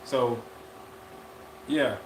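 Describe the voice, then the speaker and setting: A man co-hosting a casual live-stream chat, talking in a relaxed, drawn-out way and often repeating his phrases. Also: mid-range voice, a little hiss or hum. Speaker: podcast co-host. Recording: echoey room with faint ambience.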